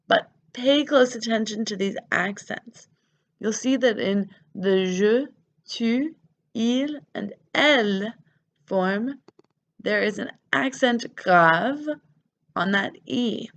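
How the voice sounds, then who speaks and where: A woman's voice: fairly high pitch, slow, muffled recording. A woman teaching French grammar, patiently spelling out verb endings letter by letter. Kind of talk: grammar lesson.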